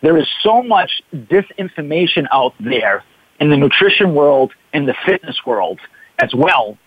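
A man's voice: on the high side, very animated, unhurried, breathy edge, dry recording. A man from the Boston area with a Boston accent, a fitness trainer guest chatting and joking on a call-in radio show over a remote line. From Boston area, USA. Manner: chatty, jokey, self-interrupting. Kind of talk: casual call-in radio chat. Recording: dull lo-fi radio sound.

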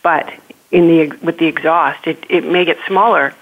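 Relaxed female guest, lower pitch, heard over a phone line. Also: normal speed. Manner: relaxed, hesitant with fillers. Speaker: remote guest. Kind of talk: casual interview chat. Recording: tinny phone-like call line.

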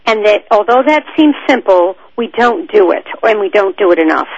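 Brief: female talk radio host, smooth announcer delivery, dry dull sound. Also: mid-range voice, animated, moderate pace, no echo. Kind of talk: radio interview.

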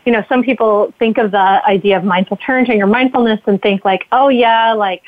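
A middle-aged woman speaking in a lively, easy conversational way, laughing often and dramatizing the feelings she describes. The sound is dry and thin, like a phone line. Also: medium pitch, quick pace, no echo. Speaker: guest, mindful parenting author. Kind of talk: casual interview talk.

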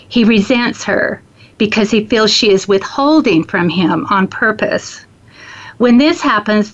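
A woman hosting an interview show as a marriage therapist, explaining things in a measured way. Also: medium pitch, dull audio. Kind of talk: interview talk.

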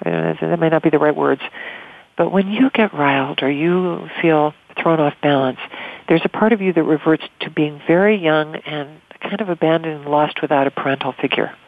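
A calm channeler leading a caller through guided counseling, unhurried and gentle, referring to themselves as "we". The voice sits at a middling pitch. It comes through a narrow, phone-like band. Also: vocal fry. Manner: slow, soothing, speaks as a collective "we". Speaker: radio host and channeler. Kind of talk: guided spiritual counseling on a call-in show.

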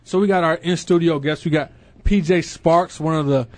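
A man's voice: fairly high pitch, steady tone. A man hosting a casual sports talk radio show, joking and running through picks with guests. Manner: easygoing, joking, quick to laugh. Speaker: radio host.

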